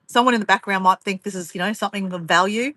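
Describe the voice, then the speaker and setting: A woman's voice: medium pitch, quick pace, bright, forceful tone, dry recording. An Australian woman vlogging in casual chat, rambling and teasing as she reads viewer comments, laughing often.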